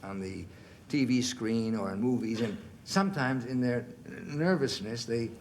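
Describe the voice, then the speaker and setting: A man in his sixties, a guest on a television talk show, telling animated anecdotes and laughing through the punchlines. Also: mid-range voice, a little slow, a little hiss or hum. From United States. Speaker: guest actor. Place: television studio.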